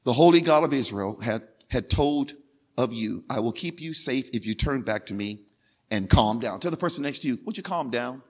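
A male pastor preaching a sermon, repeating phrases insistently and building from quiet talk to crying out. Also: animated, moderate pace, husky. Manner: swings from low and quiet to shouting, crying out.

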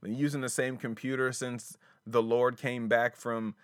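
A man's voice: mid-range voice, little pitch movement, moderate pace, no room sound. A man hosting a solo podcast from a small closet studio, talking casually in rambling, profane slang. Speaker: podcast host.

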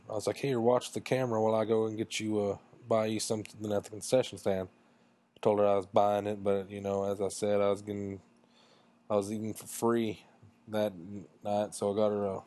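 Man, low voice, casual comic storyteller, rambling, crude, self-mocking. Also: creaky, dark tone.

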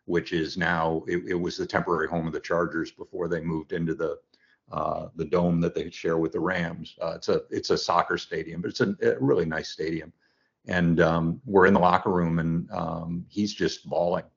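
A man's voice: low voice, fairly even intonation, moderate pace, gravelly. A man in his sixties, a football coach, telling his story in an earnest, reflective way as an interview guest. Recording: dull lo-fi sound.

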